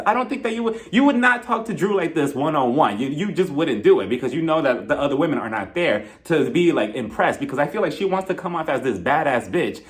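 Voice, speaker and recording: A man hosting a casual, gossipy recap vlog of a reality show, animated and quick to laugh. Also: fairly high pitch. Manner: animated and gossipy, laughs often, slips into voices.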